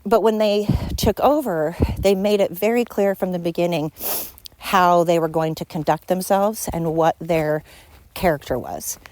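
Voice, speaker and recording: A woman's voice: on the low side, a little slow, darkish tone, no echo. A woman hosting a podcast, talking at home in a frank, rambling monologue as she vents. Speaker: podcast host. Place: at home with her dog.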